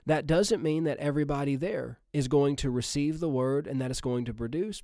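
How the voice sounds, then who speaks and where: A man's voice: fairly high pitch, darkish tone, no echo, clean studio sound. A man preaching a sermon emphatically, repeating phrases and calling out to his listeners.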